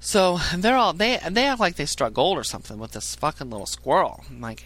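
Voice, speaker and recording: A man telling a crude comic story in a casual, animated way, swearing freely and laughing at his own jokes. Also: a little high, fairly quick. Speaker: podcast storyteller.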